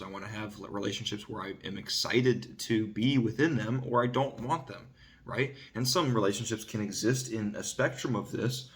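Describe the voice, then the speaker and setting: A man hosting his own vlog, talking casually about self-improvement and often asking "right?" and saying "dude". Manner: gets louder and higher when making a point. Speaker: vlog host. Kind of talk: casual self-help monologue.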